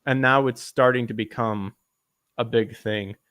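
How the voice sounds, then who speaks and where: A man rants and swears his way through a casual podcast conversation. His voice sits in a middle range and keeps jumping higher as he gets heated. The sound is close and dry, with no room echo. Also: steady tone, unhurried, fairly bright tone. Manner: profane, ranting, pitch jumps when worked up. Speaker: podcast host.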